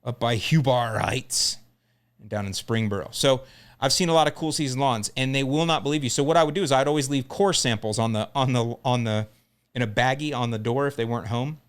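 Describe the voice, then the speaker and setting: A man's voice: mid-range voice, a little fast, smooth. A middle-aged man hosting a lawn care podcast, telling a story in a casual, joking way.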